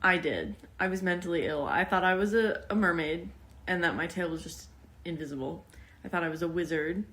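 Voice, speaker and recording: A woman's voice: fairly low pitch, lively intonation, brisk, a bit bright. Giggly woman hosting a podcast. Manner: giggly, self-deprecating, rambling. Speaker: podcast host. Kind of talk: casual podcast chat. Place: home with cats nearby.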